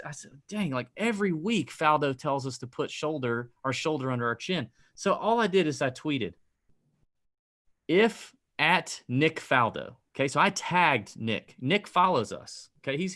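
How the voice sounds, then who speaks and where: A man's voice: medium pitch, normal speed. A middle-aged man co-hosting a casual betting podcast, telling a rant with lots of energy. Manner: animated ranting storyteller. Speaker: podcast co-host.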